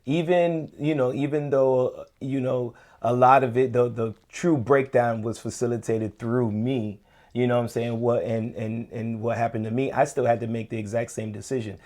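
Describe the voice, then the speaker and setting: A man in his thirties, a podcast co-host, reflecting on his marriage in halting speech full of restarts and "you know". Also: mid-range voice, fairly even intonation, darkish tone. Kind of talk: reflective personal storytelling.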